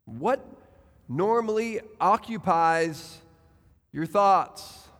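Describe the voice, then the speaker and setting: A male pastor preaching with a high, earnest voice. He puts direct questions to his listeners, and his words ring out through a church sanctuary with a long, lingering reverb. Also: lively intonation, very slow, a bit bright. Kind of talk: sermon.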